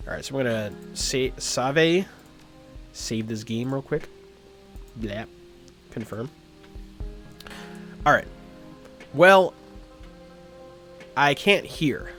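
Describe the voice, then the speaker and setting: A man's voice: fairly low pitch, expressive, slow pace, pauses often, fairly bright tone, faint music behind. A man streaming a game live, reading its text aloud and chatting about his choices.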